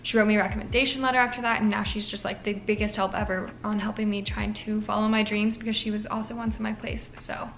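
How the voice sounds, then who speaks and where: A woman's voice: medium pitch, little pitch movement, fast talker, hardly any pauses, a little hiss or hum. A young woman, a nursing student, chatting casually to camera with lots of filler likes and an emotional, earnest manner. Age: young adult. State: tearful at moments.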